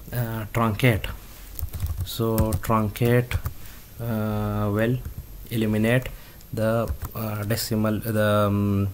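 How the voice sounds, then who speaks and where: A man teaching a database tutorial step by step, halting often with fillers and restarts. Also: on the low side, a little mellow, slight background noise. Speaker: instructor. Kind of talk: screen-recorded coding tutorial.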